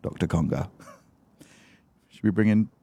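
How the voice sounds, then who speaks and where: A man from England co-hosting a podcast, telling stories in an animated way and laughing often. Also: on the low side, takes it slowly, breathy edge. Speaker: podcast co-host. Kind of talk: casual chat. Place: their home.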